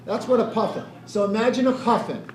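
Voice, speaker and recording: A man's voice: sits high, brisk. A man reading a story to children, playfully asking them questions; he hosts a radio morning show. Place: library room. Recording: echoey room with children. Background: crowd of children.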